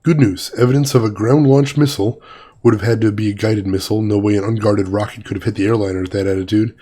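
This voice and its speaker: A man's voice: lowish voice, fairly even intonation, fast talker, mellow. A man with a slightly weak voice hosting a let's-play, chatting, joking and reading game text aloud. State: voice a little weak. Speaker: gaming video host. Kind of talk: casual let's-play commentary.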